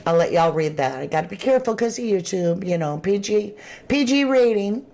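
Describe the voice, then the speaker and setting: A woman's voice: medium pitch, fairly quick, vocal fry. A woman hosting a true crime livestream, chatting casually and reading viewer comments aloud. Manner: chatty, animated, Southern-tinged slang.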